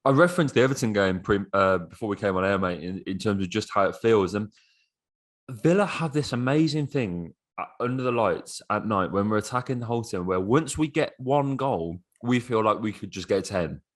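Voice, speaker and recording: A man co-hosting a casual football podcast, excitable and swearing freely. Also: lowish voice, brisk. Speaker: podcast co-host.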